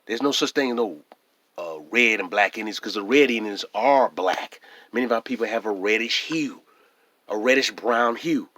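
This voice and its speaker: A man with a hoarse voice, talking emphatically and repeating himself in a casual vlog monologue. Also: lowish voice, moderate pace, fairly bright tone, no room sound. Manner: emphatic and repetitive, often restarting phrases. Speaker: vlogger.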